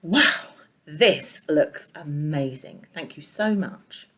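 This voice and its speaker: A gentle, fair storybook king, played by a woman in her everyday voice, measured and unhurried. Her tone moves freely, and it stays low and calm. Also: full character voice. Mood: kind.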